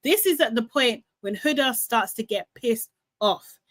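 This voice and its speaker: Woman host, casual live debrief, animated, gossipy retelling, voice sits a little high. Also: unhurried, no echo. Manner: chatty, animated retelling with swearing. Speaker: reality show recap host.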